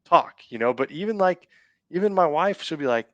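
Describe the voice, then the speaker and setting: A man's voice: fairly high pitch, lively intonation, brisk, no room sound, lo-fi sound. A man chatting as a podcast guest, emphatic and enthusiastic, swearing casually. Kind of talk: casual chat.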